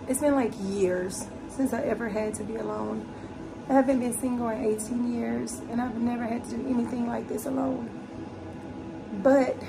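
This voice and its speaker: A woman's voice: fairly high pitch, creaky, background noise. A woman vlogging in a candid, heartfelt way from home. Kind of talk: casual vlog chat. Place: indoors at home.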